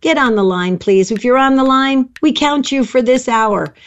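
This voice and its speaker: A woman with a high voice co-hosting a radio pledge drive. She talks in an excitable, chatty way and jokes about herself as calls come in. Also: normal speed, dull audio. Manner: excitable, chatty, self-mocking. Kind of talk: live radio fundraising chat.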